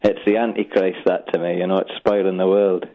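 Man, Geordie accent, radio caller, pushy, chatty, rapid talk, tinny phone line. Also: sits low, little pitch movement. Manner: chatty, pushy, talks over the host. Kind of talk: phone-in chat.

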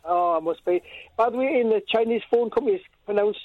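High quick guy calling in on a tinny phone, gravelly. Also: dry recording. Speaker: caller. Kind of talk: phone-in call. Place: in bed at home.

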